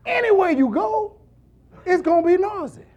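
Animated preacher man. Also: extremely high pitch, moderate pace, lo-fi sound. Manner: animated call-and-response preaching, shouting at peaks. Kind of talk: sermon.

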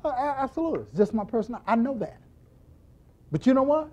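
A man's voice: very high-pitched, quick pace, highs cut off. A middle-aged man, a church deacon, giving a humorous Bible teaching and acting out little scenes as he goes. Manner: animated, acts out scenes with quoted voices, jokes and laughs.

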